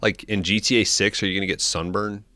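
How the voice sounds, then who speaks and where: A man casually recapping a film plot on a podcast, loose and profane, acting out characters' lines in quick asides. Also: fairly low pitch, flat delivery, sharp tone, no room sound. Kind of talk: casual movie recap chat.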